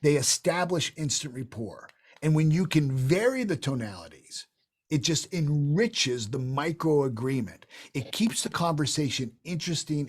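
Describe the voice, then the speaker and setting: A man's voice: medium pitch, slightly rough. A middle-aged man leading an online sales training session, talking emphatically and shifting his tone to show examples. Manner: animated, emphatic, demonstrates tonalities with quick voice shifts.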